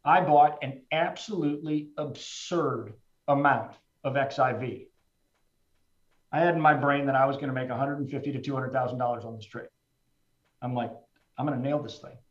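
A man's voice: mid-range voice, normal speed. A middle-aged man, a trader, telling a personal story in a frank, heartfelt, plain-spoken way. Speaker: trader speaking as a guest. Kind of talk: candid personal storytelling in a conversation. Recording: roomy, slightly dull sound.

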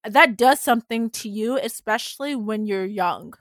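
A woman with a fairly high voice talks as a podcast co-host in casual chat. She is earnest and emphatic and leans on "like" a lot. The sound is dry and close. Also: normal speed, fairly bright tone, dry recording.

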